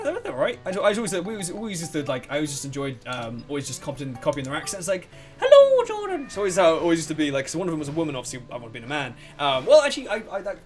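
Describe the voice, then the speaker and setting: A young man rambles through his gameplay commentary, swearing now and then. He talks fast and his pitch jumps all over, with faint guitar music playing behind him. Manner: rambling, excitable, swears freely. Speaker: let's play host.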